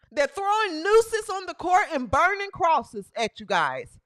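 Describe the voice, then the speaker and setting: High-voiced sarcastic woman ranting. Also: sing-song, unhurried, a bit bright, dry recording, clean studio sound. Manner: sarcastic, mocking, repeats lines for effect. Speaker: comedian and show host. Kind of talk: comedic sports commentary rant.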